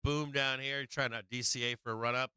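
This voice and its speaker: A man's voice: mid-range voice, fairly even intonation, brisk, sharp tone, clean tone, no echo. A man hosting a live stock market stream, coaching and taunting viewers in brash, profane, rambling commentary full of "right?". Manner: brash, profane, repeats "right?" and restarts often; talks directly to viewers, coaching and taunting them. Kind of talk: casual live trading commentary.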